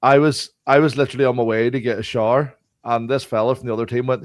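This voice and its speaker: A man's voice: medium pitch, fairly even intonation, quick pace, dry recording. A man co-hosting a podcast, telling anecdotes in casual chat and laughing between lines. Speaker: podcast co-host.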